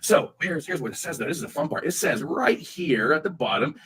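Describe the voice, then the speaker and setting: A man's voice: fairly high pitch, big pitch swings, a little fast, hardly any pauses, a bit bright, husky, low-quality recording. A man streaming live, ranting heatedly in profane language and often repeating himself.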